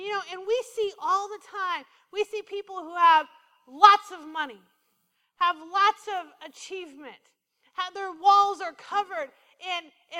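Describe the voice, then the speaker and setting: A woman's voice: extremely high pitch, bright, forceful tone, in a large hall. A woman preaching a sermon, playful and full of questions to the congregation.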